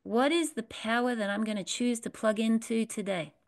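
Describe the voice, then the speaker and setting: A woman's voice: on the high side, normal speed, vocal fry. A woman leading a spiritual workshop, talking earnestly to a live audience, repeating phrases and asking them questions. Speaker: workshop leader.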